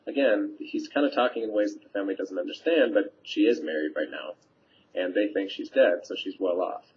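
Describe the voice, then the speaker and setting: A teacher talks students through a play scene in a relaxed, conversational way. His man's voice sits on the low side. The recording is dull and lo-fi, as from a webcam microphone. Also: fairly quick. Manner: conversational, paraphrasing lines with fillers. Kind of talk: casual scene summary for students. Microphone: webcam mic.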